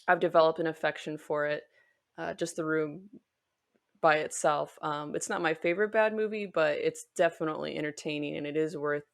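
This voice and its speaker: Low creaky-voiced woman chatting. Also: fairly even intonation, brisk. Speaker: podcast guest. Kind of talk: casual chat.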